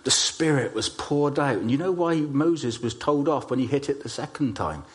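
A man preaching a sermon, telling stories and stressing key phrases slowly. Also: mid-range voice, expressive. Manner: storytelling, emphatic with slow stressed phrases.

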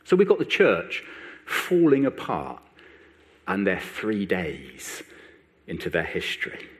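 A male preacher with a low-pitched voice that swings widely in tone. He delivers a sermon, climbing sharply in pitch and volume when he voices the people in the text. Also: takes it slowly. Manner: animated, rising sharply when voicing biblical speakers.

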